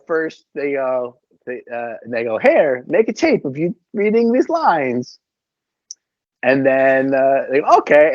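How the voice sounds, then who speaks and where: A man's voice: medium pitch, no room sound. Chatty man, dull dry recording. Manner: animated, chatty, full of fillers. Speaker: puppeteer and voice actor guest. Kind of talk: casual interview storytelling.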